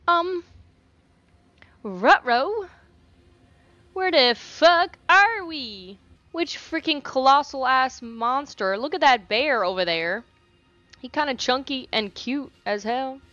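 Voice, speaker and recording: Unhurried high-voiced woman gamer. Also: no echo, highs cut off. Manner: swears freely and talks back to the game; animated reactions, repeats phrases. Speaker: gaming YouTuber. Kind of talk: let's play commentary.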